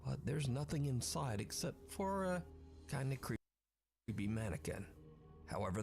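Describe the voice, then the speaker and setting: A man narrating a scripted story in a measured, suspenseful way. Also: on the low side, a little mellow. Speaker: documentary narrator.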